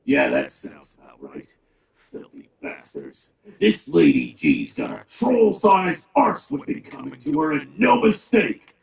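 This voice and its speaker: A man's voice: a little high, huge pitch swings, measured pace, few pauses, heavily acted. An actor playing a big, blunt male orc who grumbles and talks with dry sarcasm. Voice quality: gravelly. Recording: roomy, distant, game music behind.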